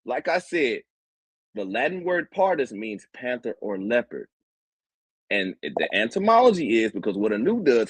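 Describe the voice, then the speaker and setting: Debater, male, husky, swooping pitch, mocking and lecturing, dry close sound. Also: fairly bright tone, no echo, rough recording. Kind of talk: heated online debate.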